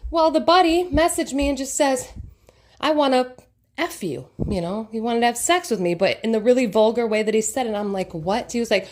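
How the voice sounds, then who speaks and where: A woman's voice: high-pitched, moderate pace. A young adult woman vlogger telling a personal story in a casual, emotional and emphatic way. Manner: emotional, emphatic, animated retelling.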